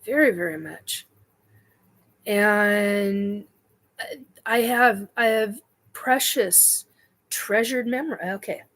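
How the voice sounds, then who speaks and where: Answering questions from viewers on her spiritual livestream, this middle-aged host speaks in a halting way, full of ums and self-corrections. Her voice is medium-pitched with a fairly bright tone, captured in a rough recording.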